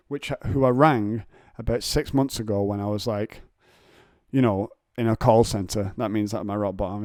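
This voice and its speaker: A young man, hosting a solo podcast in casual chat, telling jokey stories and putting on high voices to mimic people. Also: warm tone, no echo, studio quality. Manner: jokey storytelling, acts out voices of others in high pitch. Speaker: podcast host.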